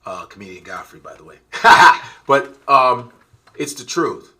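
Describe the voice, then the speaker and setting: A man who is a comedian, ranting emphatically in a profane, animated way and slipping into voices. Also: mid-range voice, unhurried. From United States. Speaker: comedian guest. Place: played clip of an interview show.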